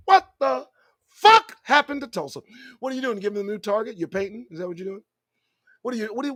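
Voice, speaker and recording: A man's voice: sits high, slightly rough, no room sound. A man hosting his own show, delivering a profane commentary monologue full of rhetorical questions. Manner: animated, swearing, rhetorical questions. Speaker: show host.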